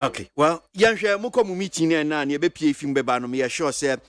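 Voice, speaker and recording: A man with a Ghanaian accent hosting a radio talk show, asking quick questions in Twi mixed with English terms. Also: a little high, lively intonation, a bit bright, no echo, clean studio sound. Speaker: radio host.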